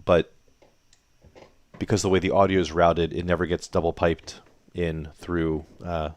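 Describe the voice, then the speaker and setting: A man with a deep, low voice commentates on darts, calling each throw as host of a league he broadcasts from home. His delivery is playful and theatrical, with plenty of teasing about the players. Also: flat delivery, a little slow, darkish tone. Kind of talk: play-by-play sports commentary. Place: home laundry room. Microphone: computer broadcast setup.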